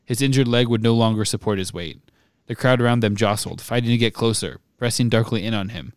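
A podcast host reading a book chapter aloud in measured, even narration. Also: male voice, lowish voice, clean tone, dry recording, clean studio sound.

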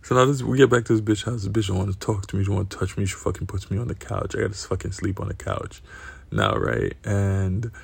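A man's voice: lowish voice, expressive, fast talker, no room sound. A young man hosting a podcast, telling a crude story in a profane, laughing, casual way. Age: young adult. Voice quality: gravelly, husky. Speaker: podcast host.

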